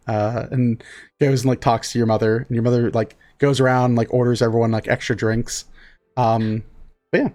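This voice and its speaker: A man's voice: medium pitch, little pitch movement, brisk, darkish tone. A man narrating as game master of a tabletop game, casual and full of fillers.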